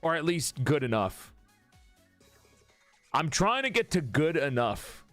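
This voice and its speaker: A chatty male streamer whose pitch swings widely as he laughs, swears and greets his chat. He runs one line over and over while drilling an accent. The sound is close and dry, with faint music playing underneath. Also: very animated, slow, fairly bright tone, dry recording. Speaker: live streamer. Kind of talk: casual live-stream chat.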